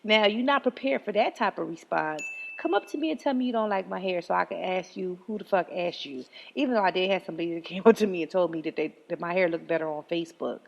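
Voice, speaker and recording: A woman hosting her own podcast, ranting in a profane, animated way and often breaking into laughter. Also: lowish voice, fast, gravelly, big-room sound, muffled recording. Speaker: podcast host. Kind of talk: solo podcast rant.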